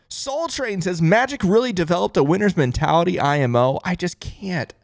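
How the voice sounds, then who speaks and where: A man hosting a live postgame fan podcast, stunned and excitable, his voice swinging between high and low. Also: moderate pace, creaky, few pauses, no echo, studio quality. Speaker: podcast host.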